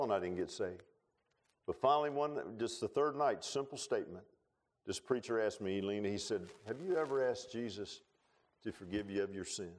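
A man preaching a sermon in a church, telling stories in a folksy way and swinging between loud rises and quiet low passages. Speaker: pastor. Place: church sanctuary.

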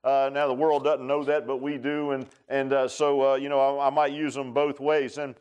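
A man's voice: mid-range voice, flat delivery, normal speed, darkish tone, clean tone, muffled recording. A man preaching a conversational sermon as pastor, with many fillers and repeated words.

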